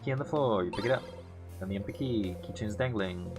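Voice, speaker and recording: A man's voice: fairly low pitch, brisk, over music. A young man hosting a casual let's play, reading the game's text aloud with big dramatic swings and muttering asides.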